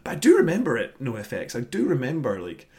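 This fast-talking podcast co-host, a man in his thirties with a medium-pitched voice, casually reviews an album he disliked. He grumbles, launches into animated rants and swears freely.

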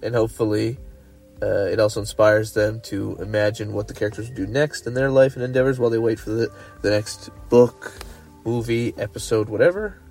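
Animated Canadian man, casual podcast co-host who laughs often, faint music under his voice. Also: on the low side, brisk, vocal fry. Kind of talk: casual chat.

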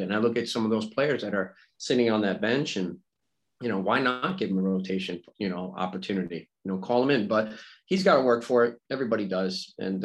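A middle-aged man chatting as a podcast guest, telling stories in an animated way and laughing often. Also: fairly low pitch, poor audio. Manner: animated storytelling, quick imitations, laughs often. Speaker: guest, former player and coach. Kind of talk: casual conversation.

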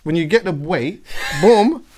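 A young man, co-hosting a casual podcast chat, animated and laughing often. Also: high-pitched, measured pace, breathy edge. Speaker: podcast co-host.

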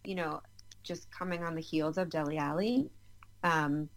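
A woman's voice: low voice, fairly even intonation, poor audio. A woman co-hosting a football podcast, talking through her views in a casual, thoughtful way. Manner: thoughtful, chatty, quick to laugh. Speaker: podcast co-host. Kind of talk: casual chat.

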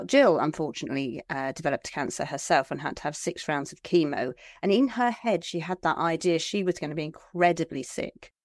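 Playful middle-aged woman, low voice. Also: no room sound, studio quality. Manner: playful and self-deprecating. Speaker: podcast co-host. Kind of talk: casual chat.

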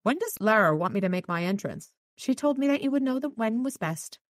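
A woman with a fairly high, expressive voice talks fairly quickly in a dry recording as she hosts a podcast recapping a novel. Her casual recap includes quotes read aloud in light voices and chatty asides.

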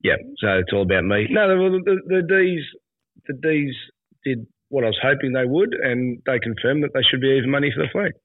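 An Australian man, relaxed and joking as he talks footy over a remote call. His voice sits in a middle register. The sound is thin and tinny, like a phone line, and dry with no room echo. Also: medium pitch, brisk. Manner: laid-back joking footy banter. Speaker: podcast co-host. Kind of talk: casual chat.

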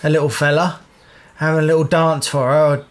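A man's voice: on the high side, flat delivery, brisk. A man co-hosting a podcast, reacting bluntly with a lot of swearing in casual chat. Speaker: podcast co-host.

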